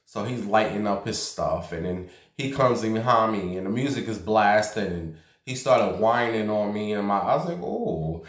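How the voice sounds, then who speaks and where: A man's voice: fairly low pitch, lively intonation, normal speed. A man vlogging casually from a basement room at home, telling a gossipy story and acting out the voices of the people in it. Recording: roomy echo.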